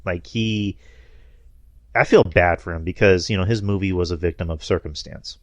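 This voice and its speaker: A low-pitched man talking casually on a podcast, rambling through his thoughts with plenty of fillers and easy laughs. The sound is dry and close. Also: normal speed, no room sound. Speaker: podcast co-host. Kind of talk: casual chat.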